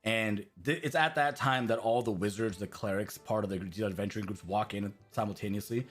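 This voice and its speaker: A man's voice: fairly low pitch, fairly quick, a bit bright, faint music behind. A man narrating as game master of a tabletop game, upbeat and often laughing.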